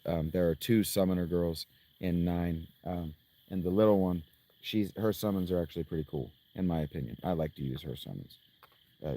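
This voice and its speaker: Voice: deep voice, warm tone, no echo. A game streamer chatting casually while playing, with ums and offhand swearing. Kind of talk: casual let's-play commentary.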